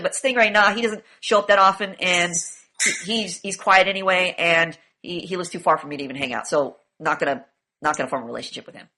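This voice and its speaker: Woman instructor, bright and forceful, swears freely, pushes the class with rapid questions. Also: mid-range voice. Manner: profane, emphatic, rapid rhetorical questioning. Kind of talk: classroom lecture.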